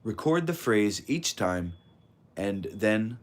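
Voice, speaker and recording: A man reading a parenting audiobook in a calm, measured, instructive way. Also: lowish voice, a little hiss or hum. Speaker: audiobook narrator. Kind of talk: scripted audiobook narration.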